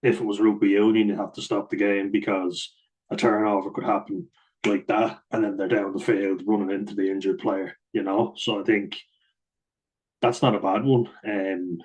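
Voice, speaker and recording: Low, flat-voiced man talking rugby. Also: low-quality recording. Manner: blunt and chatty, swears and laughs easily. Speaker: host and rugby player. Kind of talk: casual commentary on rugby rules.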